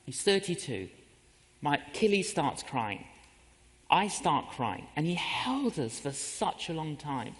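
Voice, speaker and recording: A man preaching a storytelling sermon, animated, acting out the voices and inner prayers in his story. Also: a little high, takes it slowly, in a large hall. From England.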